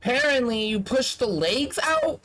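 A man's voice: extremely high pitch, lively intonation, normal speed, fairly bright tone. A man giving casual let's-play commentary, blunt and talking straight to the game characters. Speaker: gaming streamer.

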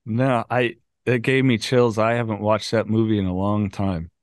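A man's voice: on the low side, flat delivery, moderate pace, dry recording, clean studio sound. Encouraging man hosting over a video call. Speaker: podcast host. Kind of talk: casual interview chat.

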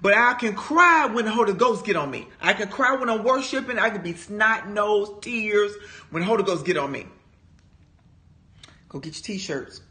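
A woman in her fifties giving an animated, emphatic personal testimony in a Bible study talk, talking straight to her listeners. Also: mid-range voice, moderate pace. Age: 50s. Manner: animated, emphatic storytelling, addressing listeners as "y'all".

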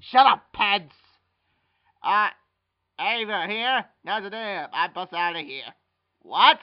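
A man's voice: sits high, expressive, slow pace. A young man doing goofy comedic fan-dub voice acting, jumping between character voices. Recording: muffled lo-fi home recording.

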